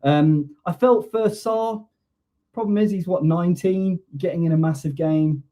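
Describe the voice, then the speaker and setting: Guy hosting a fan stream, mellow warm voice, laid back, reading comments off chat. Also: high voice, a little slow. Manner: easygoing, reads out viewer comments. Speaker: host of a fan show. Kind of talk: casual live-stream chat.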